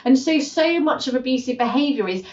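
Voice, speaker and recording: Animated woman, roomy distant sound. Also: high-pitched, brisk. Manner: animated, acts out quoted voices. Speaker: podcast guest, gender justice specialist. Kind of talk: conversational interview. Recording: roomy, distant, dull podcast audio.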